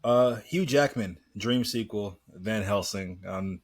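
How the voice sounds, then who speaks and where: A man co-hosting a podcast in casual chat, relaxed, leading the questions and laughing easily. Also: fairly low pitch, takes it slowly, slight background noise. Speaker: podcast co-host.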